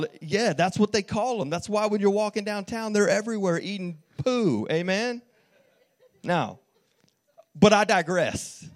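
Animated preaching man, high-pitched. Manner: animated storytelling with repeated restarts and calls to the congregation. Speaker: pastor. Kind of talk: sermon. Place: church.

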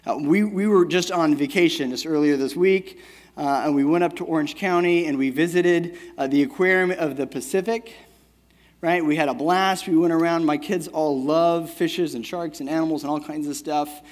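A man's voice: on the high side, normal speed. A man in his thirties preaching a sermon in a casual, conversational way, often checking in with "right?" and telling a family story. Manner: conversational, keeps asking "right?". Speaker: pastor. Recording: long hall reverb.

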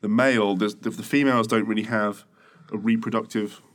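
A man's voice: on the low side, fairly even intonation, brisk. A man co-hosting a casual podcast, rambling and joking crudely as he explains things into a desk mic. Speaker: podcast co-host. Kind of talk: casual chat. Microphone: desk microphone.

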